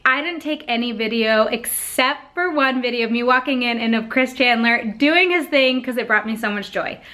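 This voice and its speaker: Young woman doing a chatty vlog voiceover, highish and bright, says like a lot. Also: moderate pace. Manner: chatty, full of fillers like "like". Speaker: vlogger. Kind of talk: casual voice-over storytelling.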